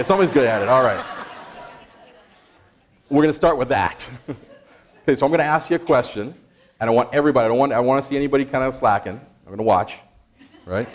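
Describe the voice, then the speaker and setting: A man presenting an interactive workshop, energetic, quizzing the audience and laughing often. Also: mid-range voice, fast talker, pauses often. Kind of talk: interactive stress-management workshop.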